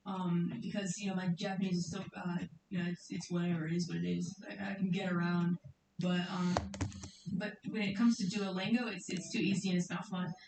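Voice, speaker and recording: A woman's voice: on the low side, little pitch movement, fairly quick, gravelly, reverberant, distant mic, noisy background. A woman streamer chatting casually to her viewers, rambling and giggly as she talks about her plans. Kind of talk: casual chat.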